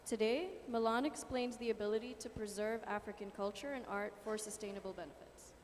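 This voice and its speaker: A woman's voice: medium pitch, steady tone, a little fast. A woman hosting a conference session, reading a scripted introduction. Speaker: session host. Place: conference ballroom. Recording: long hall reverb, faint noise.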